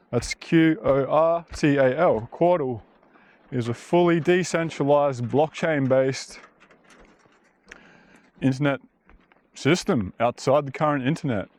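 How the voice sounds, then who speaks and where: A man's voice: mid-range voice, darkish tone. Blunt rambling man outdoors. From Australia. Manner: blunt, rambling, swears casually. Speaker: vlogger. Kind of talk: casual walking vlog monologue. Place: outdoors on a bush trail.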